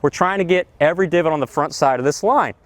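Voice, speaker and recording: A man teaching golf outdoors on a practice area, talking to camera with excitable, exclamatory enthusiasm. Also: fairly high pitch, fast, dry recording. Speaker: golf instructor. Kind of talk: energetic golf lesson to camera.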